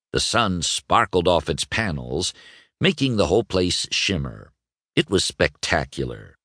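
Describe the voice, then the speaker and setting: A man narrating a children's storybook at an unhurried pace, his pitch rising and falling broadly. The voice sits a bit low and the recording is dry and close. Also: no room sound. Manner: expressive, voices every character. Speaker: audiobook narrator.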